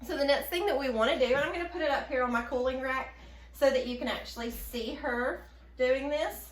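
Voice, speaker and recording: A woman's voice: sits high, a little fast, echoey room. A woman with a Southern US accent hosting a casual cooking demonstration of her own baking product, chatty and upbeat with frequent ums and laughs.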